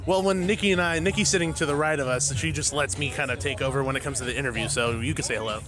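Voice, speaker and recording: A man's voice: mid-range voice, fast, over music. A man hosting a podcast, chatting enthusiastically and interviewing a guest. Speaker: podcast host.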